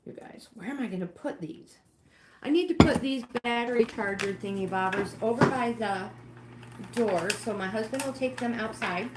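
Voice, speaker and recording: A woman's voice: a little high, moderate pace, very noisy. Middle-aged woman rambling to her livestream while cleaning, lots of oh my goodness, echoey kitchen sound. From New York State. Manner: rambling, exclamatory, talks to viewers while doing chores. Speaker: livestream host. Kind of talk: casual chat while cleaning. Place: home kitchen, indoors.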